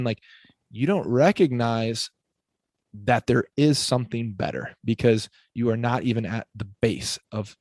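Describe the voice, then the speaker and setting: A man's voice: medium pitch, dry recording, clean studio sound. A man from Illinois, a fitness coach guesting on a podcast, talking casually and enthusiastically, laughing often and filling his sentences with "like". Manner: energetic, enthusiastic, heavy use of "like", laughs often.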